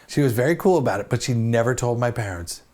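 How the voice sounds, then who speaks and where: Lively, chatty storytelling man in his fifties. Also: mid-range voice, fast talker. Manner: chatty, self-deprecating, many asides. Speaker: host. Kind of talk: casual storytelling to camera.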